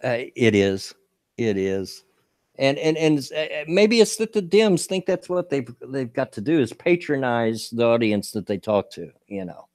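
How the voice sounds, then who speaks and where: A middle-aged man with a thick Kentucky drawl talks politics in a folksy, rambling way, doubling up on words as he goes. His pitch swings around a lot, and the sound is close and dry with no room in it. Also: very animated, a little slow, a little mellow, no echo. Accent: Kentucky Southern. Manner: folksy, repeats words and laughs often. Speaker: show host. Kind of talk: casual political commentary chat.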